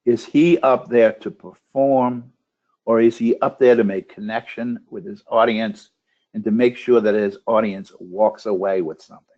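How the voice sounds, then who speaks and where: A man's voice: lowish voice, steady tone, normal speed, a little mellow, highs cut off. Man running through judging questions. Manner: asks a string of checklist questions, with restarts. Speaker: webinar trainer for contest judges. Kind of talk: instructional webinar talk. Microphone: computer microphone on a webinar call.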